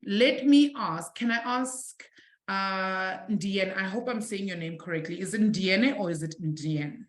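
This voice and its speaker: A woman from South Africa teaching a live online maths lesson, encouraging her students warmly and calling them affectionate names. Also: medium pitch, a little slow, reverberant. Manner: warm, encouraging, calls students "my sweetie".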